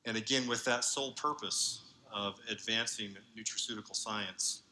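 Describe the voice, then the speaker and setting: A man giving an earnest conference talk as a university researcher, speaking haltingly with many fillers. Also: lowish voice, fairly even intonation, pushed and bright, a little hiss or hum, rough recording. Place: large convention hall.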